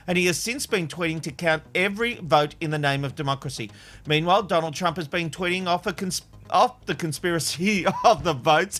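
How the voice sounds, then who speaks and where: A man hosting a casual panel talk show, animated and reading out quotes. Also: on the high side, brisk. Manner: animated, reads out quotes, laughs between lines. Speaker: host.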